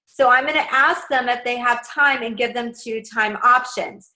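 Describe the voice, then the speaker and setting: A woman's voice: fairly high pitch, moderate pace, few pauses, pushed and bright, low-quality recording. A young adult woman coaching her sales team in a casual, upbeat, direct way.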